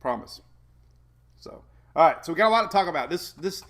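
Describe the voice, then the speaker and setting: Man, weather host, casual live chat, jokey, rambling, slightly higher voice. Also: animated, fast talker, gravelly, fairly bright tone. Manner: rambling, jokey, self-deprecating with frequent laughs. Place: home.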